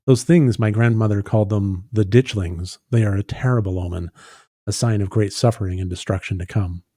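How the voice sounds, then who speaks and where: A man voicing a fussy middle-aged mother who is a herbalist and spiritualist, in a prim, gently fretting manner. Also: lowish voice, fairly quick, no echo, studio quality, natural voice. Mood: ominous.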